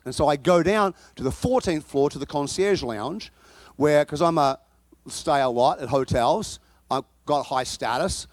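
A man preaching a sermon, telling a story with animated energy that bursts into shouting. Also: fairly high pitch, measured pace, dry recording.

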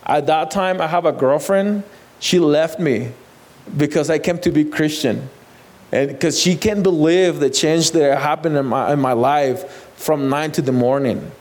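Man, somewhat high voice, halting heartfelt testimony. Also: a little mellow. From Mexico. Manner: halting, repeats words, non-native phrasing. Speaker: guest sharing testimony. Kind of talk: personal testimony.

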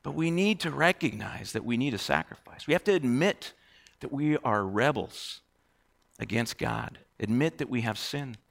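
A man preaching a sermon in an expressive, emphatic way, swinging between hushed and excited delivery. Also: mid-range voice, moderate pace, vocal fry.

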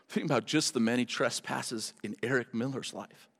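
A man's voice: medium pitch, moderate pace, gravelly. Man preaching in a reverberant hall. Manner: conversational, building to impassioned emphasis. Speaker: pastor. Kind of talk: sermon. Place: church service.

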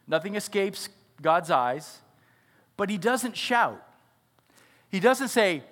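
High-voiced man preaching earnestly. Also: sing-song, slow, fairly bright tone. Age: adult father. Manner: earnest, asks the audience questions. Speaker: pastor. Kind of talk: sermon.

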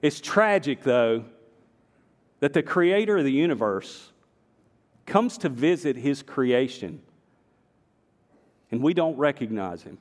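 Pastor with a slight Southern accent. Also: male voice, medium pitch, expressive, takes it slowly, pauses often, long reverb tail. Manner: emphatic preaching, swinging to quiet storytelling asides. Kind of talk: sermon. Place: church sanctuary.

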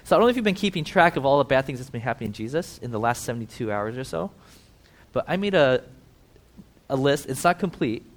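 A man preaching a sermon who tells the story vividly, swings between emphatic and hushed, and talks directly to his listeners. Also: mid-range voice, lively intonation, fast. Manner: conversational asides to listeners.

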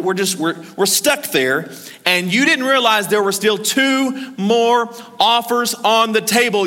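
A man preaching a sermon as pastor, energetic and urging the congregation to answer back. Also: sits high. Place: large church hall. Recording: reverberant church hall.

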